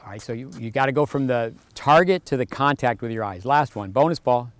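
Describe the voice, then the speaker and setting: A man's voice: medium pitch, brisk. Man coaching a tennis serve on court. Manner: instructive, giving short commands and counting rhythms.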